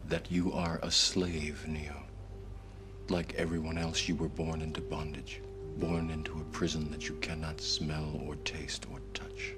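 Morpheus, a grave mentor. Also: male voice, very deep voice, flat delivery, music in the background. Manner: slow, measured, dropping to near whispers. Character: calm, grave male mentor revealing hidden truth. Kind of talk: film dialogue.

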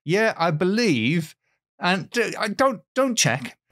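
A man's voice: high-pitched, big pitch swings, slow pace, a bit bright, no room sound. Male co-host, wry teasing banter, dry close sound. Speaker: podcast co-host. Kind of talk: casual comedic chat.

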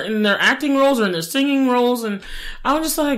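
A woman in her late twenties, co-hosting a podcast in casual chat, animated, with playful asides and frequent laughter. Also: high-pitched, fairly quick. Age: 20s. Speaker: podcast co-host.

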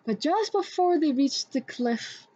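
A young woman reading a children's book aloud in a steady storytelling manner. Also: sits high, unhurried. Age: young adult. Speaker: student volunteer reader. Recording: dull lo-fi recording.

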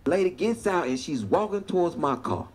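A man doing stand-up comedy, telling a long story with animated delivery and laughter. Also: sits high, moderate pace. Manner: animated, laughing through punchlines. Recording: noisy stand-up clip played back.

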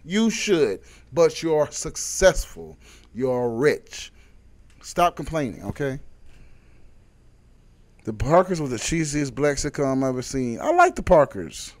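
Animated man ranting, voice leaping high. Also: slow pace, long pauses. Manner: exasperated, repeatedly yelling for someone to shut up. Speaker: comedy vlogger. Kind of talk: comedic rant.

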